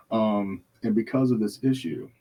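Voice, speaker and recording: A man's voice: lowish voice, a little slow, mellow. A man hosting a podcast, telling a heated, profane story in casual chat, swearing constantly. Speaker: podcast host.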